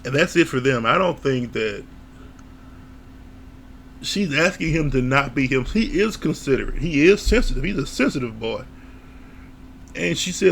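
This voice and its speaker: A man giving a casual, opinionated recap of a reality show, blunt and quick to laugh or swear. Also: medium pitch, expressive, vocal fry, a bit bright, slight background noise.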